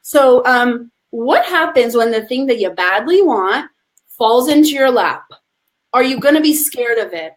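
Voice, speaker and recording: A woman's voice: fairly high pitch, expressive, unhurried. A woman speaking as a podcast guest, a coach who talks with passion and emphasis and addresses listeners as friends. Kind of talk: conversational podcast interview.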